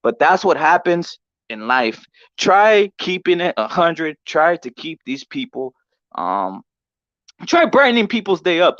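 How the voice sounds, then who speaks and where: A male boxing show host with a voice pitched a little above most men's. He talks in a loose, profane, rambling way and keeps checking in with "right?" The recording is dull and lo-fi, with a dry, close sound. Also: fairly bright tone, no room sound. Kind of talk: casual storytelling.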